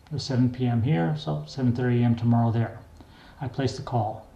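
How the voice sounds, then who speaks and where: Older guy reading his memoir, dry wry delivery, warm low tone, echoey room. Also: steady tone, creaky, lo-fi sound. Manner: plain, wry, unhurried. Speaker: memoir reader. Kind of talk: memoir narration.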